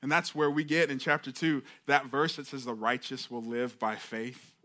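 A man's voice: mid-range voice, fairly even intonation, normal speed, pushed and bright. A middle-aged male pastor giving a conversational sermon, restarting phrases and acting out heartfelt prayers.

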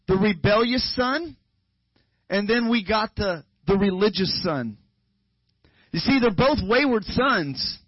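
A man's voice: high-pitched, no echo, muffled recording. A man preaching a sermon in an earnest way, often repeating words and restarting his phrases. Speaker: pastor.

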